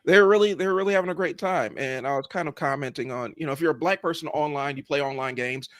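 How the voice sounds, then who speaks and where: Sarcastic, animated man chatting on a podcast. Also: on the high side, fast talker, no room sound. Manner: sarcastic, animated, many fillers like "like" and "you know". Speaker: podcast co-host. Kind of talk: casual chat.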